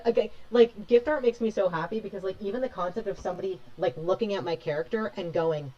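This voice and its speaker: Young woman, low voice, rambling casual chat while drawing, dull lo-fi audio. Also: fairly quick, few pauses, dark tone. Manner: rambling, chatty, reads and answers chat. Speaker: streamer drawing live.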